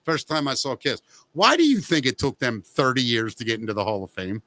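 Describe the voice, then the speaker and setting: A man's voice: mid-range voice, very animated, brisk, pushed and bright, no room sound. A man hosting a podcast in casual chat, telling anecdotes and swearing freely. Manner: swears freely, tells anecdotes with acted quotes. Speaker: podcast host.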